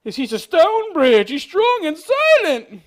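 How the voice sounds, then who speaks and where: A man putting on a high, slow, dreamy voice to mock an eccentric woman artist who loves bridges. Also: wildly swooping pitch, full character voice.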